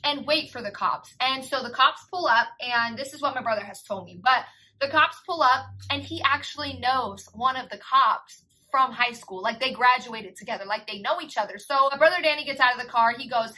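A young adult woman vlogger telling a casual storytime, animated, slangy and full of swearing. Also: fairly high pitch, brisk, rough recording.

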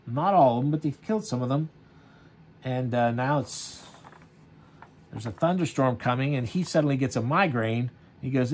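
A man's voice: medium pitch, measured pace, pauses often, a little mellow, slightly rough. A man casually reviewing a comic, rambling with many fillers and chuckles.

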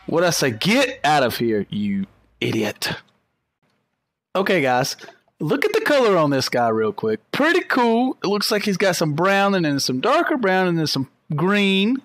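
A young man giving excited gameplay commentary, talking to the creatures on screen and to his viewers, and laughing often. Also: on the high side. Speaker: gaming YouTuber.

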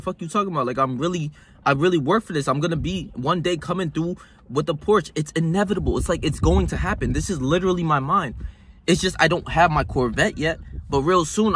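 A man's voice: a little high, a bit bright, a little hiss or hum. A young man in a casual motivational vlog monologue, talking in a slangy, swearing way with lots of restarts and fillers. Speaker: vlogger. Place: hot room.

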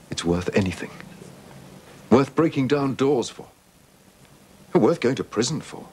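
An obsessive man in a television drama. He talks in a low voice with lively, swinging pitch. His tone is lofty and scornful, and he is intense about his own feelings. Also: husky, heavily acted.

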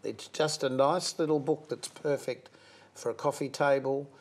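A man's voice: mid-range voice, steady tone, normal speed. Man hosting a talk show interview. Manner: friendly, welcoming interviewer. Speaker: host.

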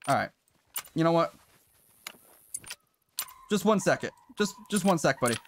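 Excitable male game streamer, lively pitch. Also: moderate pace, pauses often, a little hiss or hum. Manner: excitable, swears, chats to viewers. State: briefly out of breath. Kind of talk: casual live-stream commentary.

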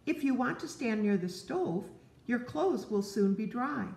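A woman voicing a cheerful, eager male frog in a children's storybook, with a bright coaxing voice. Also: fairly high pitch, animated, unhurried, vocal fry. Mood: kindly. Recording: roomy echo.

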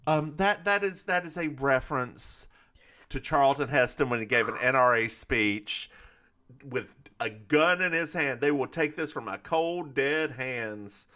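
A man's voice: mid-range voice, measured pace, bright, forceful tone. A man co-hosting a podcast, recapping a TV episode in casual, gossipy chat and quoting the characters. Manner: chatty, gossipy, quotes characters. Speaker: podcast co-host.

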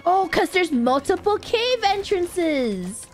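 A woman streamer talking casually over gameplay, often laughing and yelling at the game. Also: very high voice, big pitch swings, slow, faint music behind.

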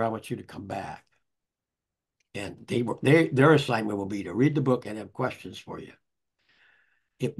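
A man's voice: on the low side, gravelly, darkish tone, husky. An older man, an author, telling anecdotes in a rambling conversational way with many restarts. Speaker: author and guest. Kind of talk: conversational storytelling.

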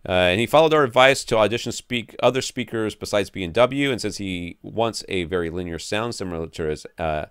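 A man's voice: on the low side, brisk, few pauses, a bit bright, clean tone, no echo, studio quality. A man co-hosting a podcast, giving rambling, jokey home theater advice with lots of restarts. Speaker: podcast co-host. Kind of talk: casual chat answering listener questions.

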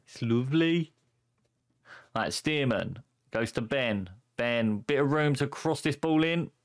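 A man's voice: mid-range voice, unhurried. A young man commentating a football management game on stream in a playful way, chuckling often and cracking puns. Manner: chuckling, punning, excitable.

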